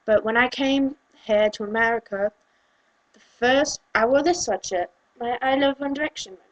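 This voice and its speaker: Woman vlogger, fed-up rant, fairly high voice, animated. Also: moderate pace, rough recording. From United Kingdom. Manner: exasperated, animated, switches into mocking quoted voices. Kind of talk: casual ranting vlog.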